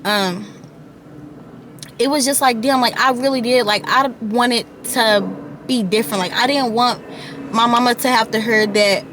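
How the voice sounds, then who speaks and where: A woman's voice: a little high, fairly even intonation, a little slow, background noise. An eighteen-year-old woman vlogger telling a casual storytime monologue into her camera mic, rambling with lots of "like" and "y'all" asides.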